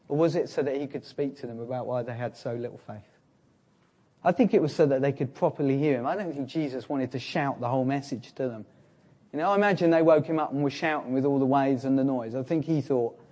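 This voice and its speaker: This sermon comes from a man of medium pitch who brings a Bible story to life, trading loud, emphatic bursts for quiet, slow lines.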